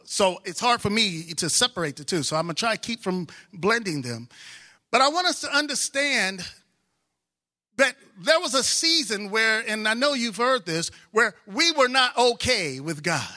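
A married man preaching a sermon, excitable, swinging from soft asides to loud exclamations. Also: high voice, normal speed. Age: adult, married with children.

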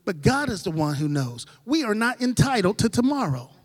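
Man, pastor, high voice, preaching cadence, loud-to-soft swings, long church reverb. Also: sing-song, normal speed. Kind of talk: sermon. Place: church sanctuary.

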